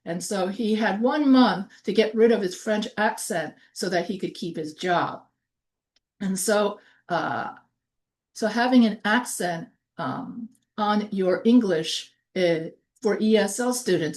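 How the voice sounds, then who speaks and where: New York woman giving a lecture. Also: mid-range voice. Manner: explains in short phrases, partly reading from notes. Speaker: college instructor. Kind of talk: recorded online lecture.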